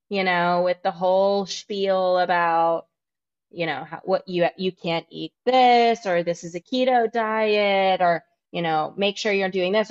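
A woman podcast host talks candidly and swears casually in a chatty interview. Her voice sits fairly low, and the recording is dull and lo-fi. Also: a little slow. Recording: dull lo-fi audio.

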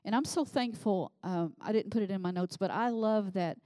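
A woman preaching a sermon in a conversational way, reading scripture and becoming animated as she voices the people in it. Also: medium pitch, normal speed, no echo. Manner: conversational, animated when voicing scripture figures.

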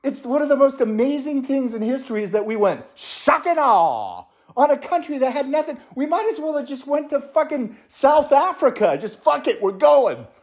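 A man's voice: very high voice, moderate pace. A man telling a story in a casual monologue, swearing freely and slipping into mock quotes. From United States. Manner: profane, animated ranting with mock quotes.

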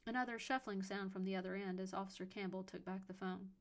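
A woman reading a short story aloud as its narrator, in a measured storytelling manner. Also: mid-range voice, fairly even intonation.

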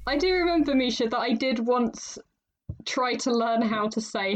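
A woman's voice: on the high side, lively intonation, normal speed, poor audio. A woman hosting a writing podcast in casual chat, chatty and laughing often. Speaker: podcast host.

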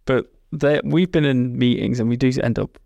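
A man's voice: mid-range voice, moderate pace, gravelly, dark tone, no echo. A British man co-hosting a podcast, joking and arguing in casual banter. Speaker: podcast co-host.

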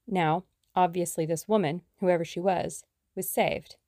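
A woman reading the lines of a brisk, bossy young woman sleuth in an audiobook, speaking emphatically and decisively. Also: fairly low pitch, fairly even intonation, dark tone, dry recording, clean studio sound, natural voice.

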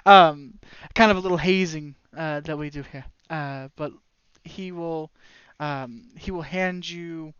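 A man's voice: on the high side, a little slow, fairly bright tone, clean tone, no room sound. A man running a tabletop role-playing game as game master, narrating loosely with lots of fillers. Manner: rambling, many fillers, laughing. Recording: dry, dull lo-fi mic.

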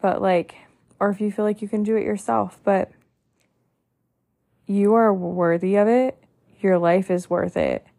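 A woman's voice: mid-range voice, animated, measured pace, vocal fry, pauses often, warm tone. A woman hosting a podcast, giving a heartfelt motivational monologue in an earnest way, stacking long lists and often saying "like". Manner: earnest, repetitive lists, frequent "like" fillers. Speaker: podcast host.

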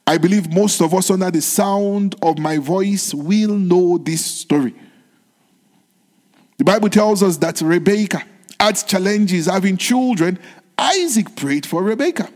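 A male pastor preaches a sermon in a notably high voice. He tells a story and tosses rhetorical questions to the listeners. His voice rings through a long hall reverb. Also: darkish tone.

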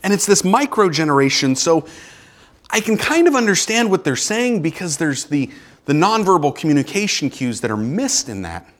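A man's voice: fairly high pitch, very animated, moderate pace. A man in his forties, a pastor giving a casual, conversational sermon in a church with joking asides to the congregation. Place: church sanctuary.

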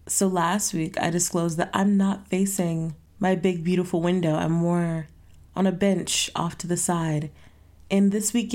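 A woman's voice: lowish voice, a little mellow. A young woman hosting her own podcast in a casual solo chat, rambling playfully and tossing in sassy asides. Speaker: podcast host.

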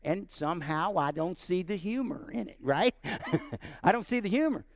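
A man preaching and telling a personal story, animated and often checking in with his listeners. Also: high-pitched, normal speed, vocal fry, no room sound. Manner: animated, asks the audience often. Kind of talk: sermon storytelling.

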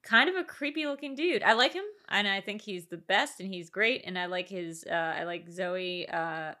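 A woman's voice: medium pitch, normal speed, sharp tone. A woman co-hosting a podcast, giving strong opinions in casual chat with lots of filler words. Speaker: podcast co-host.

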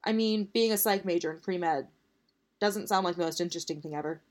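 A flustered, blunt young woman at college, voiced by a woman reading aloud, a bit whiny in a storybook telling. The voice sits slightly low. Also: a little fast, lightly acted.

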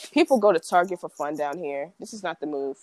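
A young woman chats with her friends, teasing and laughing often. Her voice is a little low and swings widely, up and down. She sounds loose and playful. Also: expressive, brisk. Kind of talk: casual chat.

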